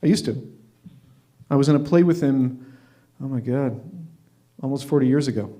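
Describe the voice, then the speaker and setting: A man in his fifties with a mellow, mid-pitched voice tells a story on stage at an open mic. He is wry and deadpan, and he keeps tripping over his own restarts. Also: moderate pace.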